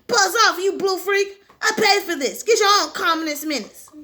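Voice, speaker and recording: A belligerent supervillain, high and strained, shouting taunts at his foe, as a woman reading a comic puts him on. His voice sits well above an ordinary man's. A faint noise runs under the recording. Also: normal speed. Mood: furious.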